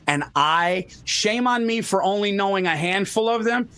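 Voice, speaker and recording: A high male voice with a clean tone, speaking at normal speed over a remote call. Chatting casually, he tells animated stories, swears a lot and mimics people.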